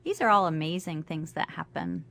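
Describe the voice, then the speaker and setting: A woman, a family doctor, guest on a radio interview, explaining health facts clearly and with enthusiasm. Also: on the low side, normal speed, a bit bright, no room sound. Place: radio studio.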